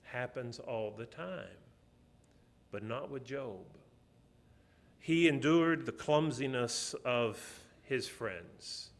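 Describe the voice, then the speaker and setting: A middle-aged man with a drawl delivers a sermon from the pulpit. He tells personal stories, rising to loud, emphatic stretches and then sinking to a quiet, soft voice. His voice sits at an ordinary middle pitch for a man. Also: lively intonation, takes it slowly. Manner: storytelling, swings from loud to soft. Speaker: preacher.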